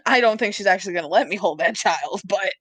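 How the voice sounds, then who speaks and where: A woman's voice: mid-range voice, animated, fairly quick, a bit bright, slightly rough, no echo. A young woman co-hosting a podcast in casual chat, swearing freely and laughing often. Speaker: podcast co-host.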